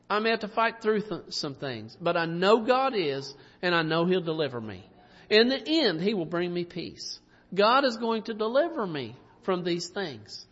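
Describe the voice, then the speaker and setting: Male preacher, high-pitched, homespun delivery with tag questions, muffled recording with long hall echo. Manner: folksy preaching, rhetorical tag questions, soft chuckles. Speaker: pastor. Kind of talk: sermon. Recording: dull sound with long reverb.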